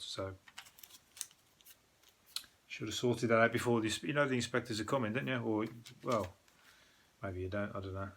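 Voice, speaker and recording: Chatting casually as host of a newspaper review, this Birmingham man rambles, swears and gets sarcastic in his local accent. His pitch is fairly low, the tone a bit bright.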